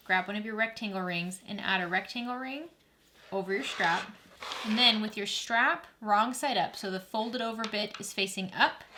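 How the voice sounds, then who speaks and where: A woman with a bright, clear tone walks through a craft project one step at a time, talking in a friendly, practical way as she works. Her pitch sits in a middle range. A faint hiss lies under the voice. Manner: friendly, practical, talks while working. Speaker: sewing tutorial host.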